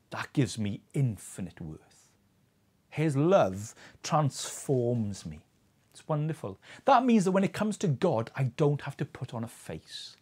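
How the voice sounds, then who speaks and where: A man's voice: medium pitch, warm tone. A man preaching a sermon in an earnest way, asking his listeners questions.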